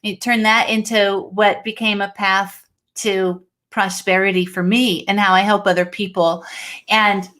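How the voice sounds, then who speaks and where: Slow, earnest woman telling her story. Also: medium pitch, level tone, a bit bright. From Washington state, USA. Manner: earnest, laughs often. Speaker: guest speaker. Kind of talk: personal storytelling. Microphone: video call.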